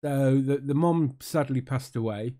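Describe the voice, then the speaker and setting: A man's voice: medium pitch, a little slow, warm tone. A British man giving casual, sarcastic commentary on an interview, dry and mocking, with many fillers. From United Kingdom.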